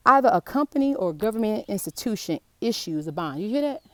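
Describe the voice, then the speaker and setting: A woman's voice: medium pitch, lively intonation, brisk, dry recording. A middle-aged woman professor, teaching about money in a casual, streetwise way and asking her viewers questions straight out. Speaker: college business professor. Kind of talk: informal online money lesson.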